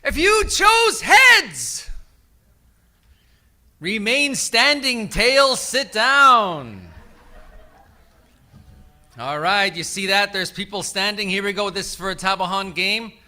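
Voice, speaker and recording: A man's voice: high-pitched, animated, takes it slowly. A man working as an event emcee, calling out instructions to a crowd and leading games at a summit. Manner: calls out instructions to a crowd, sometimes shouting. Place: large indoor event hall.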